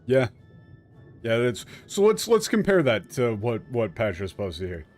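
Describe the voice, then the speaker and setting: A man streaming a game, giving irreverent, swearing commentary and haltingly translating lines. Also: medium pitch, huge pitch swings, a little mellow. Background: game music.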